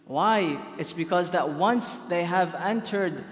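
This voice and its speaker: A man's voice: high voice, unhurried, few pauses. Echoey-voiced casual male lecturer. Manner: casual storytelling, frequent rhetorical questions. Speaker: religious lecturer. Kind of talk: conversational religious lecture. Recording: echoey hall.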